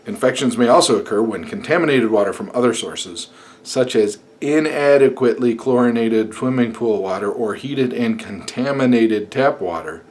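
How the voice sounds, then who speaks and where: A man's voice: medium pitch, normal speed, darkish tone. A man vlogging casually at home at night, rambling, joking and swearing as he reads notes to the camera. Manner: rambling, sarcastic, swears and jokes.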